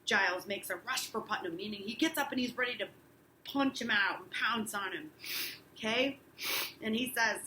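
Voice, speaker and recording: A woman's voice: a little high, normal speed, roomy sound, a little hiss or hum, low-quality recording. A woman teacher reading a play aloud to her class, taking every part and breaking off to explain words. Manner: reads all the parts, rising and loud for shouted lines.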